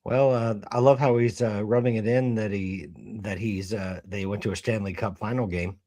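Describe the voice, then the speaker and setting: A man's voice: fairly low pitch, fairly even intonation, moderate pace, warm tone, no room sound, clean studio sound. A man co-hosting a sports chat, rambling through his stories and ribbing the others with jokes. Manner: joking, ribbing, rambling with fillers. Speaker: co-host. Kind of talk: casual chat.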